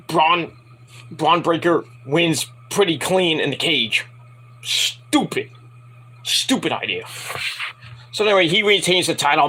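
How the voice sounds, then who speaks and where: A man with a husky, slightly raspy voice that sits higher than most and cuts bright and forceful. He rambles through a casual wrestling recap with plenty of fillers and swearing, sounding frustrated. He is talking from home at night. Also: low-quality recording. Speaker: wrestling show reviewer. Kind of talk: casual spoken review.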